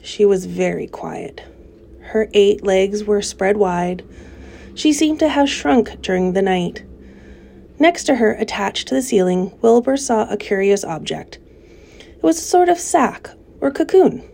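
A woman reads a children's novel aloud at a gentle, measured pace. Her voice is mellow and warm. A gravelly fry texture colors her phrase endings. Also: mid-range voice, lively intonation, a little hiss or hum. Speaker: audiobook reader.

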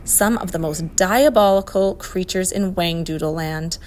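A woman's voice: on the low side, measured pace, a little hiss or hum, natural voice. A woman reading the lines of a flustered, fussy old male professor in a storybook. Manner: exasperated, excitable.

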